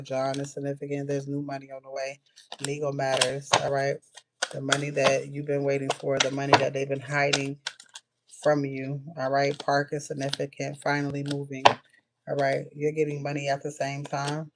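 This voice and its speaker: Woman, spiritual reader, flat delivery, clear noise and keyboard clicks behind her. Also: a bass voice. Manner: rapid-fire blunt messages, frequent "all right" and cursing. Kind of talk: casual intuitive reading to viewers.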